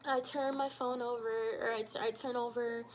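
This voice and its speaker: Woman, casual storytime vlog, animated, slightly high voice, faint background hiss. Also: moderate pace, rough recording. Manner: animated, shouts quoted lines, many fillers. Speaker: storytime vlogger.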